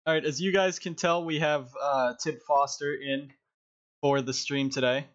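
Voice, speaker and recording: A man's voice: on the high side, fairly even intonation, normal speed, lo-fi sound. Giggly man hosting a live stream. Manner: laughs often, rambling. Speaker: stream host. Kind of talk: casual live-stream chat. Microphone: headset.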